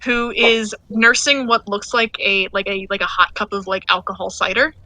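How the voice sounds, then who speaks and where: Woman gm narrating a tabletop game, bright voice, dry close sound. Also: mid-range voice, little pitch movement, normal speed, dry recording, poor audio. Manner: casual, laughing, with many fillers. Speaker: game master.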